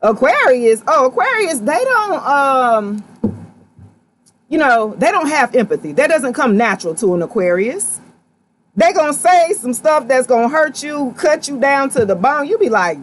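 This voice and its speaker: A woman reads tarot live for her viewers. She talks to them bluntly and with plenty of attitude. Her high voice swoops up and down a lot, with a faint hum in the background. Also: moderate pace. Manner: sassy, direct, slangy, animated. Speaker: tarot reader.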